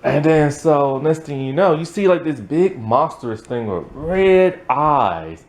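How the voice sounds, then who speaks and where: A film reviewer with a fairly high voice and lively intonation takes his time casually recapping a movie's plot. He rambles, fills his talk with "like" and "um," and chuckles often.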